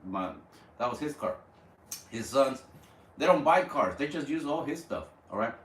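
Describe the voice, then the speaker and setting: Male live-streamer, animated storyteller, roomy room, mic set back from him. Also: mid-range voice, normal speed. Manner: animated, repeats words, drops Spanish slang. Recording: roomy, distant mic, faint background.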